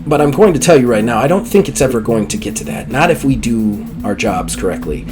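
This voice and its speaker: A man's voice: medium pitch, animated, a little fast, music in the background, voice pushed down, close to an everyday voice. A man voicing an earnest male time-traveling missionary in a tabletop game.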